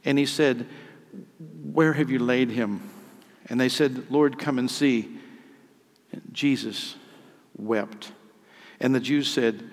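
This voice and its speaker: A man's voice: mid-range voice, lively intonation, measured pace. Man preaching in a reverberant hall. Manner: dramatic reading, rising to loud cries on key lines. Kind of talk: sermon with scripture reading.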